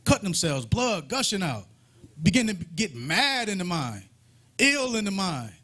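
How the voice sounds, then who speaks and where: A man's voice: high-pitched, big pitch swings, unhurried, pushed and bright. A man leading a live Bible study, retelling scripture in a folksy, humorous way with playful mockery.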